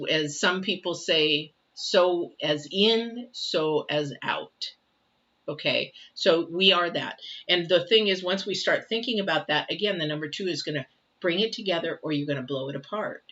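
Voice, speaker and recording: This tarot reader, an older woman, has a bright, forceful voice that sits on the low side. Her casual reading is chatty and repetitive with plenty of rhetorical questions, captured in a dull lo-fi recording.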